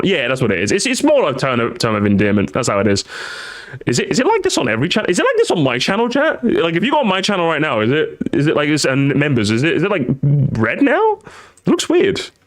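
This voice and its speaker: A young man chatting casually on a live stream. He is jokey and animated, and now and then jumps into high, squeaky exclamations.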